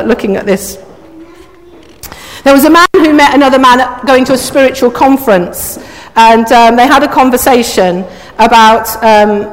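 A woman giving an informal, chatty sermon, putting questions to the congregation and laughing now and then. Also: on the high side. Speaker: preacher. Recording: echoey hall.

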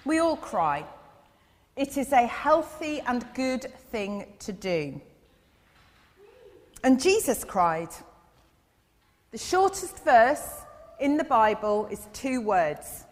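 A woman giving a gentle children's sermon in church, asking her listeners questions as she goes. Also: fairly high pitch, big pitch swings, slow pace, long pauses. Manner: gentle, asks the audience questions. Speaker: church speaker giving an all-age talk. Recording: long reverb in a big hall.

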